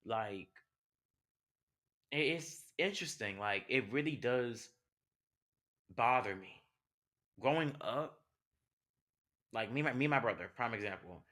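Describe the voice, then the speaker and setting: A man's voice: medium pitch, animated, measured pace, long pauses, sharp tone. A young man, hosting a podcast as a passionate, conversational monologue full of rhetorical questions. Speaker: podcast host. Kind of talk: personal monologue.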